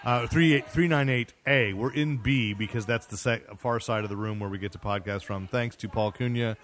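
A man hosts a relaxed podcast from a bar and grill. He talks with an easy, wry tone and is quick with a comeback. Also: medium pitch. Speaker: podcast host. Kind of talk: casual podcast banter.

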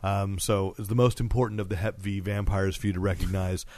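A man co-hosting a podcast, chatting casually about TV shows in a rambling, animated way with lots of fillers and restarts. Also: low voice, a little fast. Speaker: podcast co-host.

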